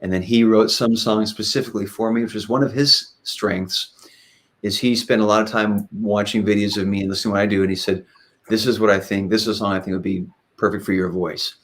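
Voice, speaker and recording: Speaking a little fast in a fairly low register, a guest singer and guitarist shares stories during an informal interview. His talk meanders, peppered with fillers and restarts, and he becomes lively when recounting past episodes.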